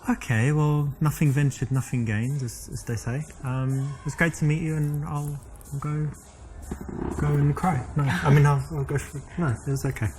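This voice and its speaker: A man's voice: a little high, steady tone, moderate pace, over music, close to an everyday voice. A man with an English accent playing a teasing, self-assured flirt in a game. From England. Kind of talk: game dialogue.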